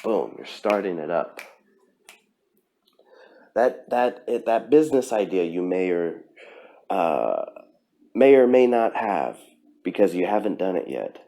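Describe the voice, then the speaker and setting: A man's voice: low voice, sing-song, a little slow, vocal fry, long pauses, warm tone. A man hosting his own podcast, talking earnestly and emphatically about his goals, with frequent fillers and restarts. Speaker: podcast host. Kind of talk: solo motivational podcast talk.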